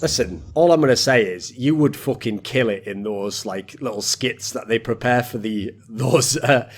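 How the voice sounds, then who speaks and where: A man's voice: medium pitch, normal speed. A British man hosting a casual podcast, bantering in a teasing, rambling, profane way. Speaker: podcast host.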